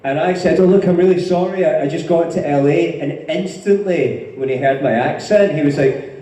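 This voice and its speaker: A man's voice: fairly high pitch, moderate pace, dark tone. A man on a convention panel, joking and swearing as he tells stories, laughing often. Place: large hall, onstage. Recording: echoey hall from far off.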